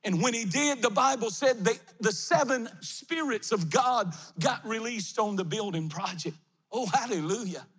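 A man's voice: high-pitched, a little slow, a bit bright, slight background noise. A male pastor preaching a fervent sermon with chanted, repeated refrains in a large empty sanctuary. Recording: long reverb of a big hall.

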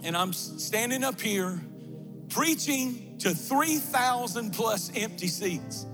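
With music behind him, a man with an extremely high voice preaches slowly and animatedly, chanting refrains over and over. The large empty sanctuary he's in leaves a long reverb on the recording.

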